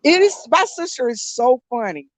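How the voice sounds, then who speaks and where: A woman's voice: high-pitched, big pitch swings, normal speed, no echo. A woman around fifty, chatting casually to her viewers, telling a story with frequent laughter and calling them y'all. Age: 50s. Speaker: YouTube vlogger.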